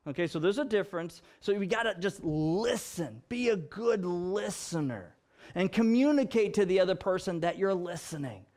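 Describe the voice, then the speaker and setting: A man's voice: sits high, animated, normal speed, darkish tone. A man, a pastor, preaching a sermon in a teaching way, explaining word meanings and teasing his listeners with a laugh.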